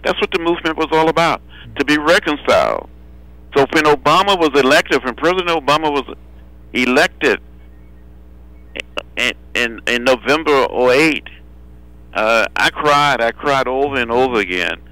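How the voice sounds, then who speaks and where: An older man speaks as a phone guest, his voice bright and forward. He is measured and builds rhythm by repeating phrases. The sound is dry, with no room around it. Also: medium pitch, expressive, no room sound, poor audio. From Alabama. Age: 70s. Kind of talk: phone interview storytelling. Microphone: telephone.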